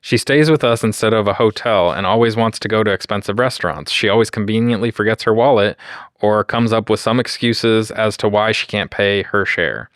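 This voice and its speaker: A man co-hosting a podcast, reading a story aloud in a steady, matter-of-fact way. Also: on the low side, fairly quick, no room sound, studio quality. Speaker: podcast co-host reading stories.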